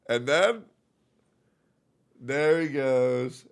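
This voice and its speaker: A young man with a gravelly, slightly high voice, live-streaming from his room at home. He chats loosely with viewers and curses often. He also drops into soft, cooing baby talk with his pet. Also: moderate pace, pauses often. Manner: casual, swears freely, coos in soft baby talk to his cat. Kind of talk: casual live-stream chat.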